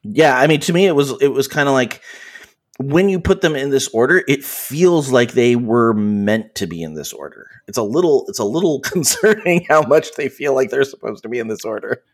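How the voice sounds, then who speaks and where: A man co-hosting a podcast in casual chat, relaxed and hedging with plenty of "you know" and "kind of". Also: medium pitch, moderate pace. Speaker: podcast co-host.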